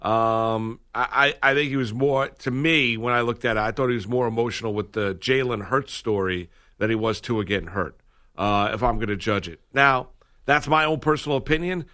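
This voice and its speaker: A man's voice: medium pitch, normal speed, sharp tone. A man hosting a sports radio show, talking casually and rambling, correcting himself as he goes. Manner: rambling, self-correcting, laughs often.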